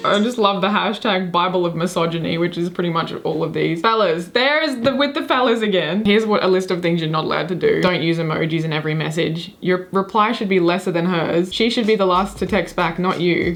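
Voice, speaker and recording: A woman hosting a casual reaction video, sarcastic and incredulous, often breaking into laughter. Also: on the low side. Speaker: commentary video host.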